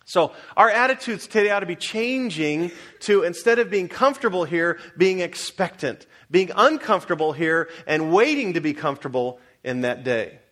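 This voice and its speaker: A middle-aged male pastor preaching a sermon, asking his congregation questions and moving between loud urging and quiet personal stories. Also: high-pitched, expressive, moderate pace.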